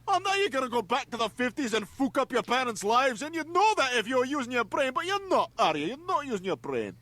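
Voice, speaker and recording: Scottish cartoon man yelling at his tv, high squawky voice, scolding nonstop, swoops up and down. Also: sing-song, fast talker, no echo, heavily acted. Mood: ranting. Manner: scolding, ranting, shouting at characters on screen. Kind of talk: cartoon voice acting.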